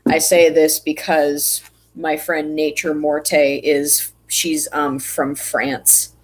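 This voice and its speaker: A woman's voice: low-pitched, little pitch movement, slow pace, low-quality recording. A woman from the United States chatting casually on a livestream while she draws, rambling and poking fun at herself. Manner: chatty, rambling, self-mocking. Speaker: streamer.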